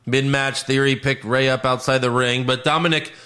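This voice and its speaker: A man's voice: mid-range voice, moderate pace. A man co-hosting a casual podcast, recapping wrestling with jokes and swearing. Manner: animated, joking, swears freely. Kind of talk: casual chat.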